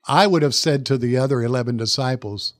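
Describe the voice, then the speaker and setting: A man's voice: mid-range voice, brisk, no room sound. Man preaching a sermon, dry close sound. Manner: dramatic storytelling with acted quotes and questions to the congregation. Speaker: pastor.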